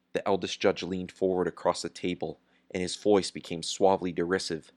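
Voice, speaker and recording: A man narrating a novel in an even, unhurried reading voice. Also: low voice. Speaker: audiobook narrator. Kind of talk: scripted narration.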